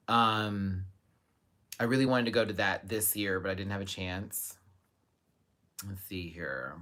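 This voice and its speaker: A young man hosting a live stream, reading viewer comments and chatting casually, with sudden high exclamations and bursts of laughter. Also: pushed and bright.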